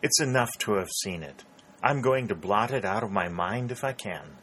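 A man's voice: lowish voice, lively intonation, moderate pace, fairly bright tone, slight background noise. A man voicing a weary male young officer who wants to forget what he saw.

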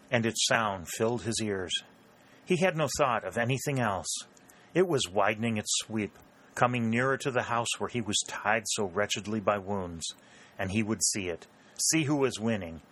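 Male audiobook narrator, lowish voice, steady and measured. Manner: measured, even storytelling. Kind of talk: scripted narration of a novel.

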